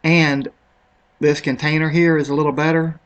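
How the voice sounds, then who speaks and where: A man's voice: on the high side, flat delivery, normal speed, highs cut off. A man talking casually and a little ramblingly over a product comparison, unsure of some words as he goes. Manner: offhand, rambling, unsure of pronunciations. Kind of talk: casual screen-recorded commentary.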